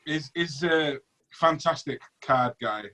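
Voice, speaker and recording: A man with a Yorkshire accent, chatting as a guest on a video call, rambling and hesitant with many pauses and digressions. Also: a little high, bright, forceful tone, poor audio. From Yorkshire, England. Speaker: magician guest.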